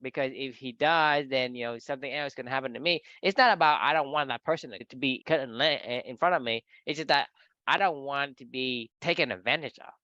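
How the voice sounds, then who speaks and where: A man's voice: mid-range voice, a little fast, pushed and bright, no echo, lo-fi sound. A man co-hosting a podcast, explaining his ideas at length in a reflective, casual way. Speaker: podcast co-host. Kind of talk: casual discussion.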